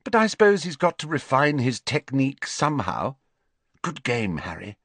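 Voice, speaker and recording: A man's voice: mid-range voice, wildly swooping pitch, moderate pace, fairly bright tone, no echo, voice pushed up, full character voice. Ginny, a man voicing a dry, teasing teenage witch. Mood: dispassionate. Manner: dry, smirking, dispassionate.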